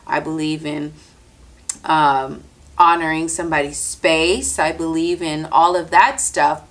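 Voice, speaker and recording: A woman with a mid-range voice hosts a podcast, telling a story in a lively, casual monologue close to the mic. She acts out quotes and doesn't hold back on swearing.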